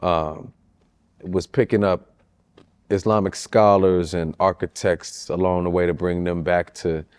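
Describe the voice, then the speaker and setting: A man's voice: low voice, flat delivery, unhurried, darkish tone, clean tone. A man from Chicago, a musician talking as a guest in a casual interview, laid-back and slangy. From Chicago, United States. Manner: laid-back, slangy, often saying "you know what I'm saying".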